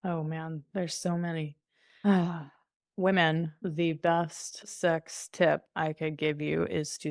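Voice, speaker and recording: Breezy, candid woman, lowish voice. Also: flat delivery, slow, dry recording, studio quality. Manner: breezy and candid, laughs often, slips into playful voices. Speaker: sex coach guest. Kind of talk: conversational podcast interview.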